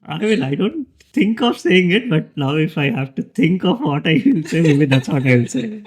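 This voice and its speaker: A man's voice: on the high side, sing-song, moderate pace, slightly rough. A man, a podcast guest chatting casually, hesitant and laughing often. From India. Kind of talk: casual chat.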